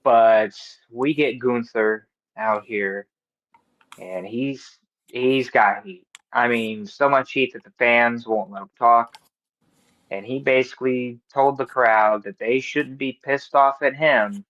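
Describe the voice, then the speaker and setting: Casting: podcast co-host man, lively and profane, on a dull lo-fi mic. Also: mid-range voice. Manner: animated, swears, does quick voices of the people he quotes. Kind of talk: casual wrestling recap chat. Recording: dull lo-fi recording.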